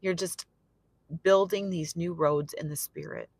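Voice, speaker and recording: A woman with a lowish voice preaches through a personal testimony in a chatty, storytelling way. She drifts from quiet, musing asides to loud, excited bursts and repeats key phrases for emphasis. The sound is close and dry, with no room around it. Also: measured pace, dry recording. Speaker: prophetic minister.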